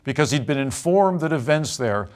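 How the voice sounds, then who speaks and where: A man giving a history lecture in a measured way, pausing with frequent fillers as he talks. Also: fairly high pitch, expressive.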